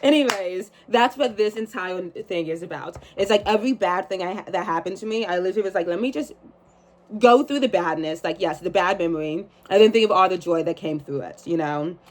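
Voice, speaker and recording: A woman's voice: fairly low pitch, brisk, darkish tone. A woman in her twenties chatting casually and reading aloud from her journal, swearing and laughing at herself. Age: 20s.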